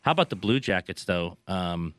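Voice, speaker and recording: A man co-hosting casual sports talk, quick and laughing, often acting out what others might say. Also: low-pitched, lively intonation, fairly bright tone, smooth, dry recording. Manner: rapid, laughing, acts out quotes. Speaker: sports podcast co-host.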